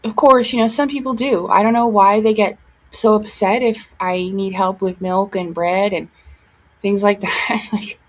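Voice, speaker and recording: A woman's voice: mid-range voice, fairly even intonation, unhurried, low-quality recording. A young woman talking casually to her camera at home, rambling and emotional, with many fillers and restarts. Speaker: vlogger.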